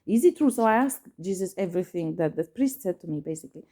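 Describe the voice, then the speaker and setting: A woman's voice: lowish voice, expressive, quick pace, warm tone. A woman vlogger telling a personal story to camera, hesitant with many fillers and restarts, emphatic and repetitive, swearing when upset. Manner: emphatic, repeats herself.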